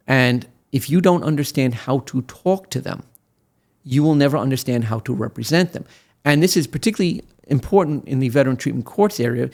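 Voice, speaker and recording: A man in his sixties from Brooklyn, an attorney telling stories as an interview guest, animated, with many fillers and restarts. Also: medium pitch, creaky. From Brooklyn, USA. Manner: animated storyteller with many fillers and restarts who acts out quotes. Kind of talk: interview storytelling.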